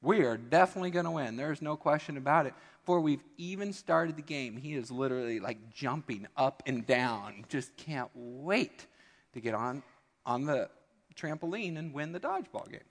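A man's voice: medium pitch, animated, moderate pace. Man preaching in a reverberant church. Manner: humorous storytelling with acted-out voices. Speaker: pastor. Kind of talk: sermon. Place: church sanctuary. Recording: long church hall reverb.

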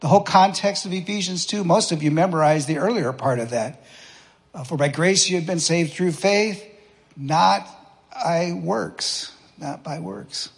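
A man's voice: on the high side, measured pace, creaky. A man preaching a sermon in a conversational, folksy way, asking the congregation questions. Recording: long reverb of a church hall.

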